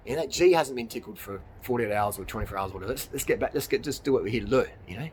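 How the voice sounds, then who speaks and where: A man's voice: mid-range voice, rapid-fire, a little mellow, a little hiss or hum. A man, a YouTuber giving a blunt, rambling motivational rant outdoors in the hills, swearing and laughing at his own jokes. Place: outdoors in the hills on a cold evening.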